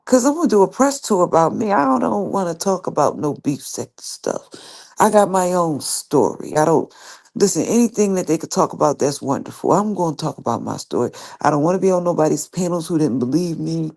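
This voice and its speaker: Woman host ranting live on stream, confrontational and repetitive, lowish gravelly voice. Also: lively intonation, brisk, a little mellow. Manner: confrontational, speaking straight to an absent opponent; rambling, repeats herself. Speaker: livestream host. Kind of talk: direct-address livestream rant.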